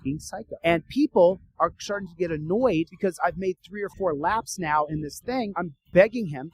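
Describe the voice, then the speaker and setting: A man telling a story in a casual, animated way, acting out the dialogue. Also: high voice, moderate pace, few pauses, slightly rough, poor audio. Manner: animated, acts out dialogue with rising urgency.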